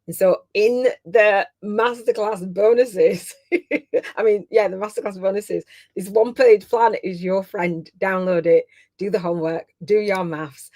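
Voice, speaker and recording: A woman's voice: mid-range voice, fairly even intonation, a little slow, a little mellow. A middle-aged woman hosting a live online masterclass. She is heartfelt and chatty, and close to tears at times. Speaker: host and business coach.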